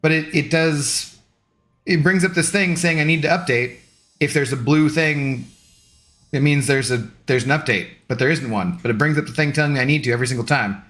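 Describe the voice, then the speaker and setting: A man's voice: a little high, fairly quick, a bit bright. A young adult man streaming, chatting casually with viewers in a rambling, easygoing, self-deprecating way. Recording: faint music underneath.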